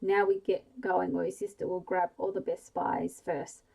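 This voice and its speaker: A woman's voice: on the low side, level tone, normal speed, vocal fry, warm tone, husky, low-quality recording. A woman voicing a coaxing, motherly middle-aged mother in a whispered bedtime story. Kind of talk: whispered role-play.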